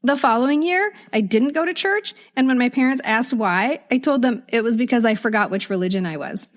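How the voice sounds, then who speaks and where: A woman's voice: fairly high pitch, animated, brisk. A woman in her fifties co-hosting a casual podcast, laughing easily and reading old letters aloud with feeling. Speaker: podcast co-host.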